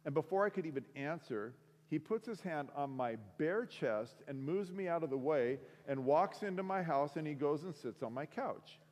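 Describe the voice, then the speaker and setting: Male speaker, animated storyteller, acts out dialogue; slightly high voice, long auditorium reverb. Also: normal speed, few pauses. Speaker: guest speaker. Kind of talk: sermon testimony. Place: school auditorium.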